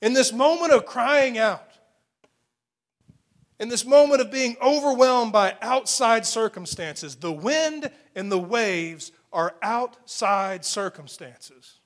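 Middle-aged guy preaching, pretty high voice, keeps asking the congregation questions. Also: expressive, takes it slowly. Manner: preaching with rising intensity, rhetorical questions. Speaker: pastor. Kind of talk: sermon.

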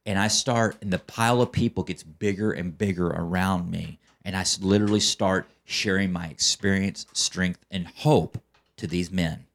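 A man's voice: low voice, steady tone, moderate pace, vocal fry. A man telling his recovery story as a podcast guest, in a fervent, preacher-like way that keeps checking in with "okay?" and "right?". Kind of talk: testimonial storytelling.

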